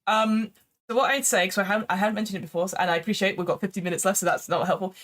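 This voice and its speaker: As game master for an improvised tabletop game, a woman talks rapid-fire over a remote call microphone. Her medium-pitched voice is steady and a bit bright, and she's chatty, often laughing, with hesitant restarts.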